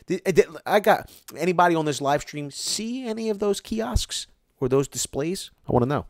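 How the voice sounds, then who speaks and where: A man hosting a casual live stream, reading viewer comments aloud and ranting about them in an animated way. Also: high voice, normal speed, dry recording, studio quality.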